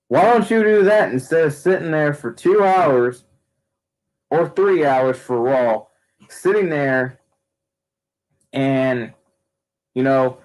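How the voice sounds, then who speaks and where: Young male streamer, casual opinion rant, rambling delivery full of fillers, mid-pitched voice. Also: darkish tone, rough recording. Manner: rambling, frequent fillers and restarts. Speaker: wrestling streamer.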